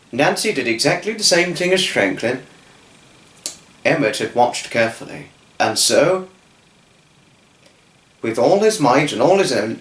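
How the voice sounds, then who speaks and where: A man telling a children's story off the cuff, halting and restarting his words. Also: mid-range voice, roomy sound. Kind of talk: improvised storytelling.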